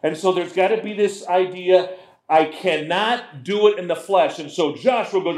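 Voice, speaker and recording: High-voiced preacher in an echoey room. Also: male voice, moderate pace. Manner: conversational, animated, mimics voices. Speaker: pastor. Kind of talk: sermon. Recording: roomy echo.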